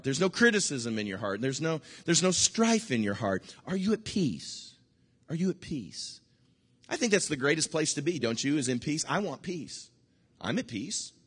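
Animated preaching man in reverberant hall. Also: slightly rough. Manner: animated preaching with sudden high bursts and hushed asides. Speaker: pastor. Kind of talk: sermon.

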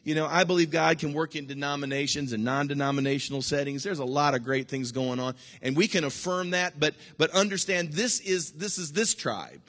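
A man preaching a sermon as pastor, animated, with sudden high bursts and hushed asides. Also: brisk, few pauses, long reverb tail.

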